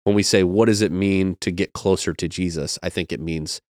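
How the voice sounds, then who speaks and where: A man's voice: low voice, fairly even intonation, a little fast, a little mellow, no room sound, studio quality. A man, a pastor, in casual podcast conversation, earnest and reflective, explaining with everyday metaphors.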